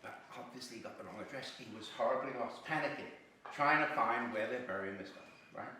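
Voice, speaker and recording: A man telling jokes as a stand-up comedian, lively and chuckling at his own punchlines. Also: medium pitch, a little fast, heavy reverb, distant mic, slight background noise. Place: comedy venue.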